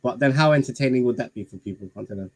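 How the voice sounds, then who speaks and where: A man's voice: medium pitch, racing, a little mellow. A man co-hosting a casual live stream chat, telling anecdotes and laughing often.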